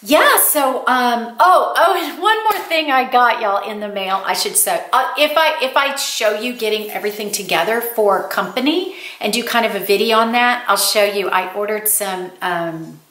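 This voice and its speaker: A woman's voice: medium pitch, expressive, moderate pace, hardly any pauses, fairly bright tone. An older woman, telling stories to her viewers in a chatty, casual way. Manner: chatty storytelling, addresses viewers as y'all. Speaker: lifestyle vlogger. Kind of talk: casual chat. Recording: roomy echo.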